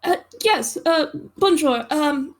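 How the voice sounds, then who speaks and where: High-voiced woman player, hesitant, lots of uhs. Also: animated, slow. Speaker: tabletop game player. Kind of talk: casual in-character play.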